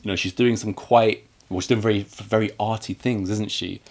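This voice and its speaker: A man's voice: lowish voice, steady tone, moderate pace, darkish tone. A man co-hosting a casual film review, chatty and joking, acting out scenes with quoted lines. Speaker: podcast co-host.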